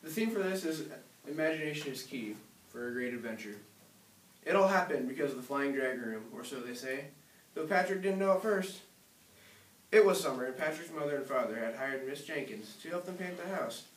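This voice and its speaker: A man reads a children's picture book aloud, gentle and storytelling, his voice a touch high for a man. The sound is roomy, with the mic some distance from him. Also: expressive, brisk, a little hiss or hum. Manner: gentle storytelling, small slips. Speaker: reader. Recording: echoey room, distant mic.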